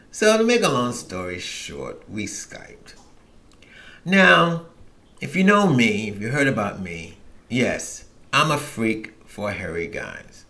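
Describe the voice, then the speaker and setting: Frank, rambling middle-aged man with a bright voice. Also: mid-range voice, big pitch swings, measured pace. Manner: frank, rambling, with many restarts and quoted asides. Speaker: podcast host. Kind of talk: candid personal storytelling.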